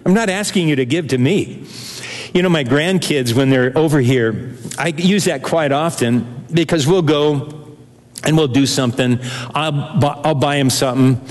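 A man's voice: on the high side, moderate pace. An older man, a pastor, preaching a sermon in an earnest, conversational way, repeating phrases for emphasis. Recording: long reverb of a large hall.

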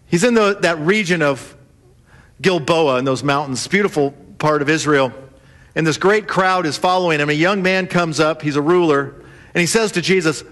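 A man preaching a sermon, telling scripture stories lively and acting out the voices of the people in them. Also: a little high. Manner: animated, acts out quoted voices. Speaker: pastor.

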